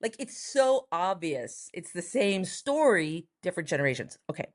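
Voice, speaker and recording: Animated woman telling a family story. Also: normal speed. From Texas. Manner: lively, acts out quoted voices with big pitch jumps. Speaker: guest, writer and performer. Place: home in Los Angeles, noise next door.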